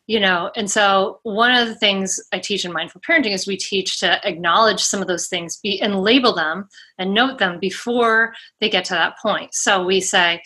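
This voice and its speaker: Bright-voiced woman teaching mindful parenting. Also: medium pitch, normal speed. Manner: chatty, explains with examples, many fillers. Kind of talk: casual interview chat.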